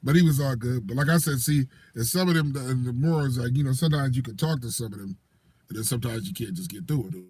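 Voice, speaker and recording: A man's voice: medium pitch, fast, a little mellow, husky. A man co-hosting a casual call-in talk show, rambling through stories, laughing often and acting out what people said. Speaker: co-host, nightclub door worker. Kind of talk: casual storytelling chat.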